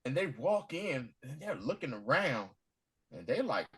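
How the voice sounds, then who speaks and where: A man co-hosting a podcast, recapping an episode in casual chat, acting out the characters' lines with quick voiced quotes and laughter. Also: medium pitch, very animated, breathy edge. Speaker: podcast co-host.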